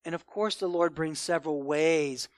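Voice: mid-range voice, moderate pace, no room sound. A preacher giving a Sunday morning sermon in an emphatic, conversational way.

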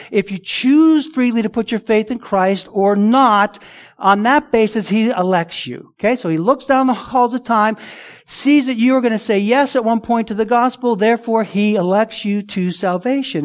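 A man preaching a sermon as pastor, conversational and emphatic, often asking the congregation rhetorical questions. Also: high-pitched.

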